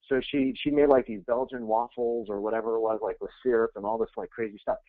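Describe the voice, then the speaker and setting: A man coaching real estate agents in a webinar, energetic and conversational, blunt and quick to go off on tangents. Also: fairly low pitch, no echo. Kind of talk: webinar presentation. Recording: tinny, dry phone-like webinar audio.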